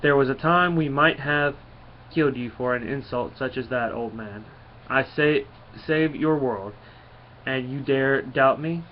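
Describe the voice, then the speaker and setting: A man's voice: medium pitch, a little slow, a little hiss or hum, lightly acted. A man voicing a boastful, hearty male thunder god from a comic, speaking in a proclaiming way. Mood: stern. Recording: dull lo-fi recording.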